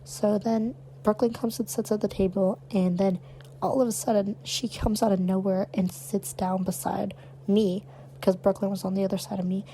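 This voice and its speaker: Young woman co-host, warm low-key tone, blunt and lively in telling it. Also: normal speed, a little hiss or hum, low-quality recording. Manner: animated, blunt storyteller. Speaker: podcast co-host. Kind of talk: casual storytelling chat.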